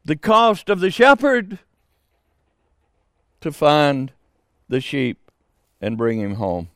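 An older man preaching a sermon, slow and emphatic with dramatic pauses. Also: on the high side, wildly swooping pitch, fairly bright tone, no echo, clean studio sound.

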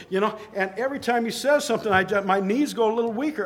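A man's voice: sits high, quick pace, hardly any pauses, fairly bright tone. A middle-aged man preaching a sermon in a conversational way, telling stories and rising to emphatic exclamations.

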